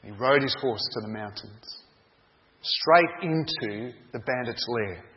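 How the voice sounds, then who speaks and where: A man preaching a sermon, telling a story in a dramatic, deliberate way. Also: mid-range voice. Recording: dull echoey hall sound.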